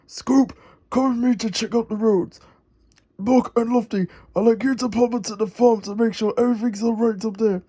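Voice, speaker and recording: A man reading a storybook aloud and voicing a friendly builder giving quick instructions to his team. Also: very high-pitched, steady tone, dark tone, slightly rough, heavily acted. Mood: brisk. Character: cheerful capable male builder, calm leader.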